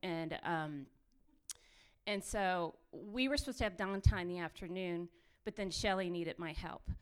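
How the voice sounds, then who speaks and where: A woman telling her own mission trip story with lively, run-on phrasing, laughing often as she goes. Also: lowish voice, a little slow, clear, resonant tone. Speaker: missionary sharing testimony. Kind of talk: animated personal storytelling.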